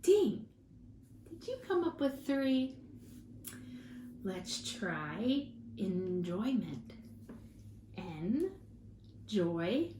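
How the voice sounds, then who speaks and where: A woman teaching a children's phonics lesson, slowly and encouragingly drawing out each word for her students to repeat. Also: on the high side, sing-song, dark tone. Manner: slow, encouraging, drawn-out word modeling. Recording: echoey room with faint hiss.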